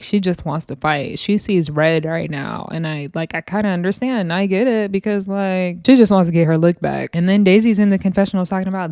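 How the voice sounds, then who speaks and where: A woman's voice: fairly low pitch, no room sound. Sassy gossiping young woman, dry close mic. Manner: gossipy, sassy, quotes cast members in lively voices. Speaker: reality show recap host. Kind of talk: casual reaction commentary.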